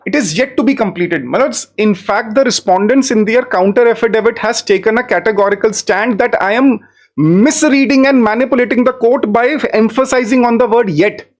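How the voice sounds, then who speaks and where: A man's voice: very high voice, fairly quick. A man arguing his own case before judges in a courtroom, deferential and formal, repeatedly addressing the bench, growing insistent as he presses his point. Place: courtroom, live-streamed hearing.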